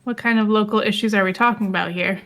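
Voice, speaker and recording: A woman's voice: medium pitch, steady tone, quick pace, a crowd in the background. A woman player in a tabletop game, with a dry, sarcastic way of talking. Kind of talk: tabletop role-play chat.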